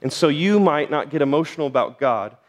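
A middle-aged man preaching with earnest, direct appeals to his listeners. His voice sits a little high for a man. The sound carries a long reverb from the church hall around him. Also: lively intonation, brisk. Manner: earnest and direct, addressing the congregation. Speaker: pastor. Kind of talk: sermon.

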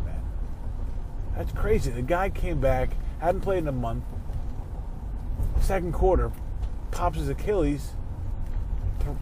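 A man hosting a casual sports talk show from his car while driving, ranting and swearing, quick to flare into angry outbursts. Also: a little high, noisy background. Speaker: show host.

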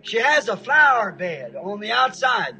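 A man's voice: sits high, sing-song, unhurried, pushed and bright, faint music behind, low-quality recording. A man preaching a sermon, telling a folksy story with emphatic, rising outbursts.

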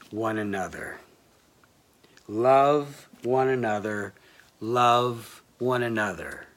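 A man's voice: medium pitch, a bit bright. A man preaching a sermon in a plain, self-deprecating way, reading aloud from a book and from scripture.

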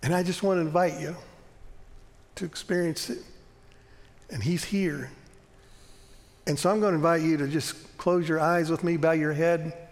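A pastor preaches with a high voice, earnest and emphatic. He slows down and drops to a near hush to press a point. The sound carries a long reverb from the church hall. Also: fairly even intonation. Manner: earnest, emphatic, slowing down and dropping to a soft hush on key lines. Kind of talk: sermon.

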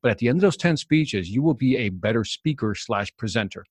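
A man telling stories as a guest in an interview, animated and acting out the people in them. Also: medium pitch, brisk, husky, no echo, clean studio sound. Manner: animated storyteller, acts out the people in his stories. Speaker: guest, sales expert. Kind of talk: storytelling in a podcast interview.

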